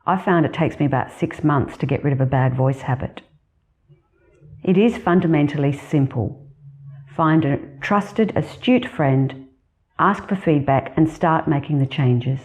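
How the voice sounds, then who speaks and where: A woman with an Australian accent, a career specialist giving measured, deliberate advice in a scripted talk to camera. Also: sits low, a little mellow.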